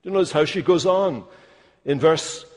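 A man preaching a sermon, slow and emphatic, stressing key phrases. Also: fairly high pitch. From Scotland. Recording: long hall reverb.

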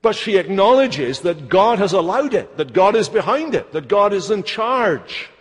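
A man preaching a sermon, slow and emphatic, stressing key phrases. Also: high voice, big pitch swings, breathy edge. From Scotland. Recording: long hall reverb.

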